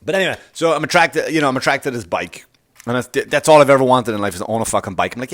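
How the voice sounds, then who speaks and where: A man's voice: medium pitch, animated, rapid-fire, a bit bright. A middle-aged man hosting a comedy podcast, riffing in a rambling, profane monologue and laughing at his own jokes.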